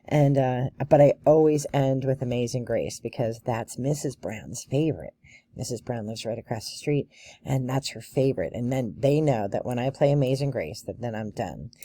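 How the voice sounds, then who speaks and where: A woman's voice: a bass voice, animated, moderate pace, dark tone, no room sound. A woman vlogging in a casual chat, a chatty storyteller who laughs often and fills her talk with "you know" and "um". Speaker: bagpiper and vlogger.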